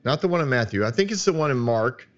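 A man hosting his own podcast, talking at a studio mic in an animated, emphatic way that turns loud. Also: medium pitch, quick pace, highs cut off. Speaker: podcast host. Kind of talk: solo podcast monologue. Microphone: studio microphone.

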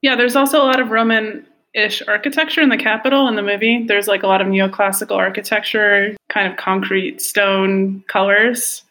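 A woman's voice: mid-range voice, steady tone, normal speed, hardly any pauses, sharp tone. A young woman co-hosting a podcast, reading prepared analysis of a film with casual fillers. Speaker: podcast co-host.

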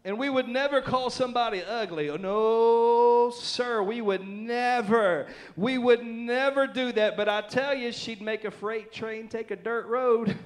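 A Southern American pastor preaches in a high, light voice. He is folksy and playful, pausing to check in with his listeners and joking his way through his points. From Southern United States. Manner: folksy, joking, lots of "right?" and laughter. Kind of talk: sermon.

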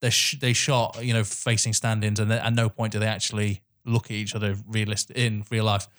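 Excitable man, swearing freely. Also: on the low side, a little fast. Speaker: podcast co-host. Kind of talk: casual film chat.

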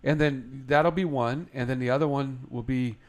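A man's voice: mid-range voice, normal speed. A man co-hosting a casual morning show, teasing his partner. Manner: teasing, lively sidekick. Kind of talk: casual radio banter.

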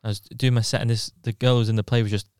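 A man's voice: fairly low pitch, level tone, very fast, darkish tone, clear, resonant tone, no echo, clean studio sound. A man from the Wirral, a podcast guest, telling rambling anecdotes in casual chat. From the Wirral, England. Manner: rambling anecdotal storyteller with restarts.

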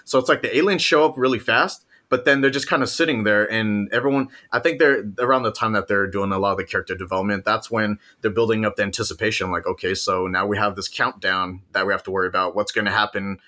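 A man's voice: fairly low pitch, steady tone, fast talker, few pauses, pushed and bright. A man co-hosting a casual movie podcast, rambling through the plot, laughing often and swearing casually. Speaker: podcast co-host. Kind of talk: casual movie-review chat.

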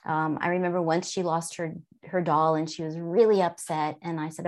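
A middle-aged woman explaining mindfulness for children, calm and gently instructive, sometimes speaking soothingly as if to a child. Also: lowish voice, normal speed, few pauses. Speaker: guest expert on mindfulness. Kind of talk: conversational explanation.

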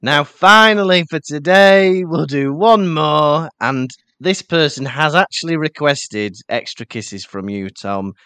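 A man's voice: fairly high pitch, expressive, slow, few pauses, sharp tone, smooth, dry recording. A man co-hosting a podcast in easygoing casual chat, introducing listener requests. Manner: easygoing, reads out listener names. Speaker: podcast co-host.

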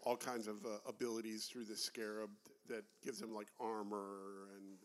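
A man co-hosting a casual podcast, explaining things in a relaxed, rambling way. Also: lowish voice, moderate pace, slight background noise. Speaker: podcast co-host.

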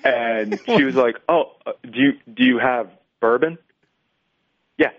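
A man's voice: mid-range voice, sing-song, unhurried, vocal fry. A man calling in as a radio show guest, chatting through a long anecdote and laughing along. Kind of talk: casual radio chat. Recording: tinny phone line.

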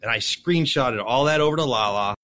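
A man's voice: medium pitch, brisk, bright, forceful tone. A man co-hosting a gaming podcast, ranting in casual chat, swearing a lot and acting out the people he quotes. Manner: profane, exasperated storytelling with put-on quoted voices. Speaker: podcast co-host.

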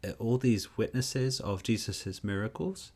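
A man co-hosting a podcast, telling a story in a casual conversational way, with animated stops and restarts. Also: lowish voice, unhurried, breathy edge. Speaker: podcast co-host.

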